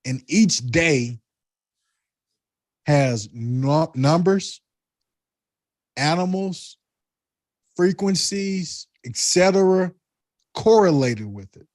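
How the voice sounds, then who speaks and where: A man with a Southern US accent talking in a deliberate, reflective way, with spiritual musings in casual conversation. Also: on the high side, expressive, dry recording.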